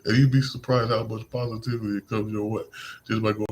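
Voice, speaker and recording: A man's voice: lowish voice, flat delivery, fairly quick, background noise. A man hosting a podcast, talking in a rambling, emphatic, slangy casual monologue. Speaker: podcast host.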